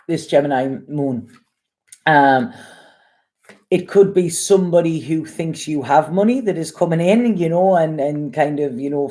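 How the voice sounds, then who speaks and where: A woman tarot reader with a deep voice who talks in a chatty, rambling way and swears bluntly while giving readings. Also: dark tone.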